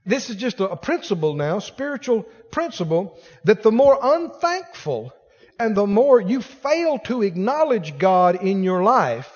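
Man preaching hard, lively up-and-down delivery, echoey hall, kinda muffled. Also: high-pitched, unhurried, slightly rough. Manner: emphatic, repetitive exhortation with rising intensity. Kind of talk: sermon. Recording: dull sound with long reverb in a large hall.

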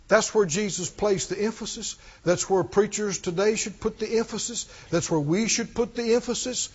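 A man's voice: high voice, normal speed, hardly any pauses, husky. A man preaching a sermon with emphasis, often firing questions at the congregation. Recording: dull lo-fi recording.

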